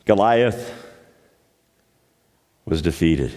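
A man's voice: on the high side, lively intonation, measured pace. A man preaching a sermon, telling the story in a playful, joking way. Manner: playful, jokey. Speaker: pastor. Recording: echoey hall.

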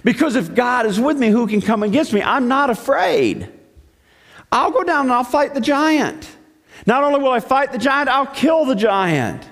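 A man's voice: high-pitched, wildly swooping pitch, measured pace, creaky, few pauses, warm tone, husky, full character voice. A man voicing a small, brave young shepherd boy who speaks with defiant confidence. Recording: echoey hall.

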